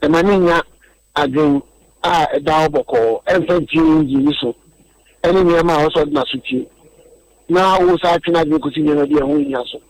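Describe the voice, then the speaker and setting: A man's voice: fairly high pitch, normal speed, creaky, rough recording. A man explaining a topic earnestly on a radio discussion, often repeating words as he goes.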